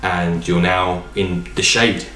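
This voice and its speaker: A man narrating a tabletop game as dungeon master, in a relaxed, rambling way with fillers. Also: low-pitched, takes it slowly, reverberant.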